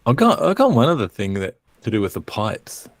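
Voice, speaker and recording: A man's voice: medium pitch, huge pitch swings, fairly quick, no echo. A man with a New Zealand accent co-hosting a live stream, chatting in a laid-back way. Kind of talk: casual live stream chat.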